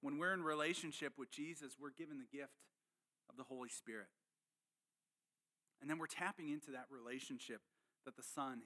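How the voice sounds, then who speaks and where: A man's voice: mid-range voice, sharp tone. A man pastor preaching a sermon in an earnest, emphatic teaching manner.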